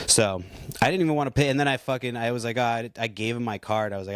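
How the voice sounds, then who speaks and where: A man in his thirties rambles through a heated, profane monologue, full of restarts and asides. His voice sits on the low side. The recording is dry, with no room sound. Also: fast, smooth, no echo. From Puerto Rico. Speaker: podcast host. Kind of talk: casual ranting monologue.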